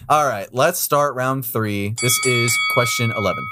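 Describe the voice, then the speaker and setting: A man's voice: mid-range voice, measured pace, loud music behind the voice. A young man hosting a trivia podcast, reading questions aloud and laughing easily. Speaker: quiz host. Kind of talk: casual podcast chat.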